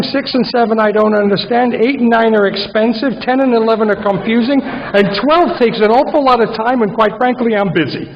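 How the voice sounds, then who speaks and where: A man's voice: sits high, background noise. Man telling a self-mocking recovery story. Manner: self-mocking, rambling, comic asides. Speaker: speaker at a recovery conference. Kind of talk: conference talk. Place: large conference hall with an audience. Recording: dull recording in a reverberant hall.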